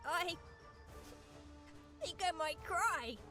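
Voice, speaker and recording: A very high, excitable game character gushes with emotion, as a man puts the voice on. The pitch leaps up and down. Music plays underneath. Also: extremely slow, exaggerated voice. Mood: emotional. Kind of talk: game dialogue read aloud by a player.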